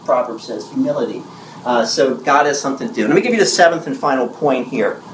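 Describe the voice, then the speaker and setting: A man's voice: medium pitch, animated, a little hiss or hum. Man preaching emphatically in an echoey room. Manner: emphatic, repeats key phrases slowly; asks the audience questions and answers them. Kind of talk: sermon.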